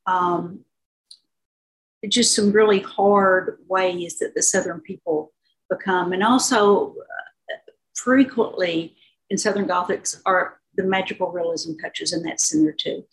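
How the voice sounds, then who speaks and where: A woman's voice: mid-range voice, rough recording. A woman author over fifty, talking unhurriedly about her novel in an interview, with fillers and restarts. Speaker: author guest.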